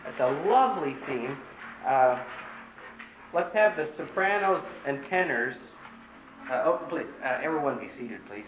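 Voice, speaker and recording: A man's voice: on the high side, lively intonation, measured pace, reverberant, narrow, tinny audio, background noise. A man conducting a choir rehearsal, teaching in an earnest, emphatic way with many fillers.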